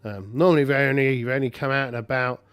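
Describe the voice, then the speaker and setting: A man's voice: medium pitch, steady tone, fast talker, fairly bright tone, smooth, no echo, faint music behind, lightly acted. A man voicing a chatty, friendly local man in a solo tabletop game, who talks in a hesitant, rambling way.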